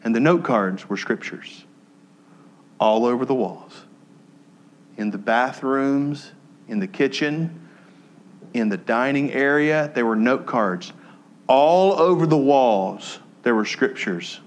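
A man preaching from the pulpit at a medium pitch. He tells a story in a soft, low voice when he is moved. Then he lifts into emphatic, repetitive teaching. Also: slow pace, long pauses. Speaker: pastor. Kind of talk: sermon.

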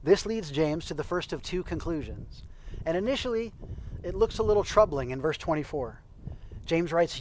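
A man's voice: fairly high pitch, lively intonation, normal speed, a little mellow, a little hiss or hum, low-quality recording. Man preaching a conversational sermon. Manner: conversational, explanatory, with occasional light humor. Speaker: pastor.

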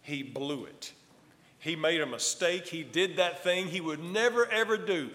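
Male pastor, sermon, fairly high voice, forceful bright tone, emphatic, swings loud and soft, long church reverb. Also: big pitch swings, moderate pace. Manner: emphatic preaching with sharp swings between loud and hushed.

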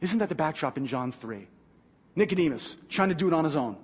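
A man preaching in a high, husky voice that leaps up and down. He drives his points home with emphatic restarts and repetition. The sound rings with the long reverb of a big hall. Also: animated, brisk. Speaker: pastor. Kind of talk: sermon.

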